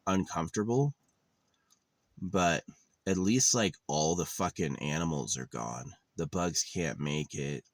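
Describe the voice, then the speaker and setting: In this vlog, a thirty-something man living in a van wanders through a sardonic, rambling monologue, dropping casual swears. He speaks a little slowly in a low voice, recorded with no room sound.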